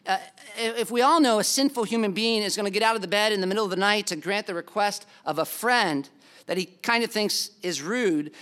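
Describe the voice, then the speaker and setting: A man's voice: high voice, a little fast, bright, forceful tone, clear, resonant tone. A man preaching a sermon as pastor, earnest and emphatic, acting out the people in the story.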